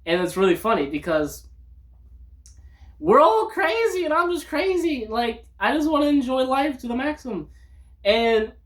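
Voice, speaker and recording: A woman vlogging in an upbeat, rambling monologue, breaking into loud outbursts when she acts out quotes. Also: high voice, sing-song, moderate pace.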